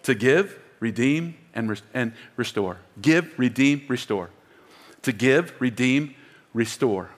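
A man's voice: mid-range voice, lively intonation, slow pace. A man preaching a sermon as pastor, emphatic, leading the congregation in call-and-response. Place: church auditorium. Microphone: wearing a mic. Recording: long hall reverb.

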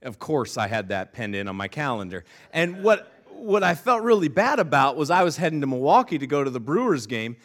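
A man's voice: medium pitch, very animated, a little fast, few pauses. A male pastor in his thirties preaching a sermon, telling a funny personal story with lots of repeated words before moving into scripture. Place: church sanctuary.

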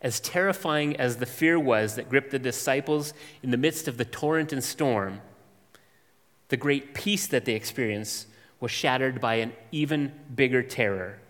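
A man preaches with a measured, emphatic delivery, stacking up lists and letting pauses hang. His voice sits at an ordinary middle pitch for a man. It rings out with a long reverb, as if in a large sanctuary. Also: a bit bright. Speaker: pastor. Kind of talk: expository sermon.

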